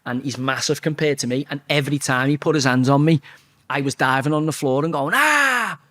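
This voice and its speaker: A man telling a blunt, sweary story as an interview guest, talking fast and animated. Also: medium pitch. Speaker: interview guest, former footballer.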